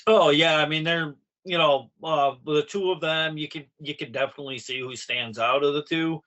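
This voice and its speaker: A man's voice: a little high, fairly even intonation, normal speed, sharp tone, lo-fi sound. A man co-hosting a casual podcast, hesitant, with many fillers and frequent laughs. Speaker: podcast co-host.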